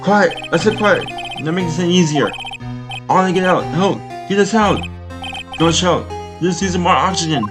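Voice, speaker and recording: A man doing screaming trapped men, high panicked shouts, loud game music behind. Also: a little slow.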